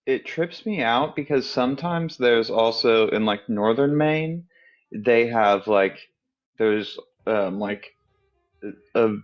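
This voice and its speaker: A man's voice: medium pitch, lively intonation, slow, soft background music. A man co-hosting a live talk stream, rambling with many fillers. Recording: dull lo-fi mic.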